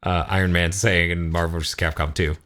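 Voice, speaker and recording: A man's voice: sits low, level tone, fairly quick, fairly bright tone. A man co-hosting a casual podcast, recapping an episode and acting out the characters' lines in goofy voices. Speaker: podcast co-host.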